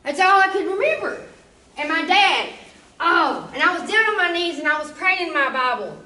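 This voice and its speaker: A woman's voice: very high-pitched, expressive, moderate pace, bright, forceful tone, reverberant, distant mic, rough recording. A woman giving an emotional, conversational church testimony, often checking in with her listeners. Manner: emotional, conversational, often asks "you know?". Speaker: testimony speaker.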